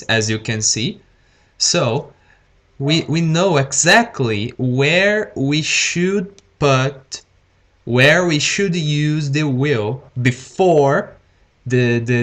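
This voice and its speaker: Slow, careful male teacher. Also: medium pitch, a bit bright. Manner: deliberately slow, repeats words and says okay often. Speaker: English teacher. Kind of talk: live-streamed grammar lesson.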